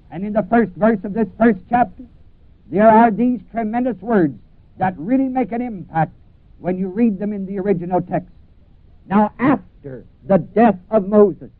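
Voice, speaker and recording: A high-voiced man preaches with emphatic repetition, throwing questions to his listeners. The sound is thin and tinny like an old radio broadcast, dry with no room echo. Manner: emphatic, repeats phrases, asks congregation questions. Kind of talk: sermon.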